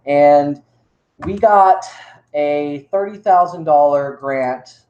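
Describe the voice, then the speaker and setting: A man's voice: a little high, slow pace, highs cut off. A man with a Texan accent, a YouTuber chatting to viewers in a rambling, enthusiastic way from an indoor gift shop. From Texas. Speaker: YouTuber and museum worker. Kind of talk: casual chat to viewers. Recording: echoey room.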